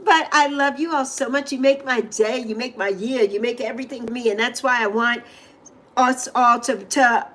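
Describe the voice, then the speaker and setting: Talking into a desk mic, a middle-aged livestream host addresses her viewers directly, effusive and emotional and prone to repeating herself. Her pitch is fairly high and her tone a bit bright, at a normal speed, as she keeps up a heartfelt stream chat.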